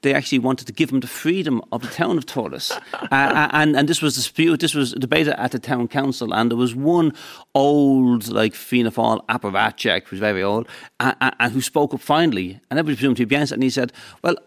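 A man's voice: mid-range voice, quick pace. Man, guest writer, reflective, rambling storyteller. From Ireland. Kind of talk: casual chat.

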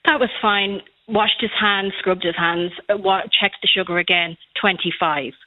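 A woman in her thirties with an Irish accent calls into a radio show to share a personal story, chatting away and acting out the quotes. Her voice is mid-range at a moderate pace, and although there's no room sound, it comes through a tinny phone line.

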